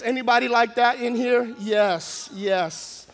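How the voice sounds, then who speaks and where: Pastor, male, delivering a lively sermon story; voice sits unusually high. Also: measured pace. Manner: animated storytelling, acting out the scenes.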